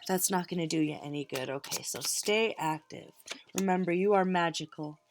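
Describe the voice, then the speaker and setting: A woman's voice: on the low side, moderate pace, a little hiss or hum. A middle-aged woman reading tarot cards, talking casually and encouragingly straight to her viewers. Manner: warm encouraging pep talk, direct address. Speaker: tarot reader.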